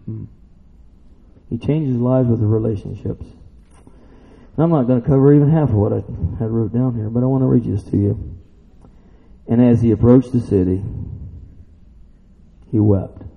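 A man with a gravelly voice preaches a sermon. He swings from excited shouts to low, quiet asides and keeps asking his listeners questions. The recording is dull and carries a long hall reverb. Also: moderate pace, long pauses.

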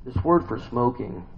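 A man delivers a relaxed sermon at a middle pitch, constantly turning to his listeners with questions. His voice drops to near-murmurs and then rises into loud bursts. The recording is slightly muffled, with a faint hiss behind him. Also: vocal fry. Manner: conversational, asks the listeners many questions. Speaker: preacher. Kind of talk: informal sermon to a small group.

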